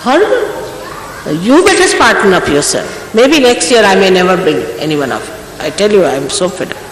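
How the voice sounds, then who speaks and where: A woman's voice: medium pitch, very animated, brisk, slight background noise. An older woman, a spiritual teacher, giving an emphatic, scolding talk to her followers, full of rhetorical questions. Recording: echoey hall, archival recording.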